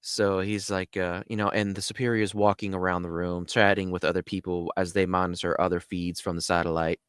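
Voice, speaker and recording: A man with a fairly low voice tells a story in an easygoing, animated way, peppering it with fillers. He sounds dry and close, with no room echo behind him. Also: a little fast, clean tone. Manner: animated, lots of "you know" fillers. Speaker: host. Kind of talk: casual storytelling.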